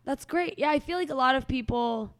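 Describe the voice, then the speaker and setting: A woman hosting a podcast in casual, animated chat, swearing freely. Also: high voice, brisk, no room sound, studio quality. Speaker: podcast host.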